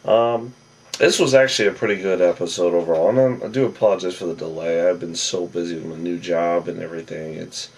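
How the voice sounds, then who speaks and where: A man recapping a TV episode in a casual, rambling way, his voice lower and huskier than usual, like a late night radio host. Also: steady tone, brisk, darkish tone, husky, far from the mic. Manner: rambling and chatty, wanders off topic.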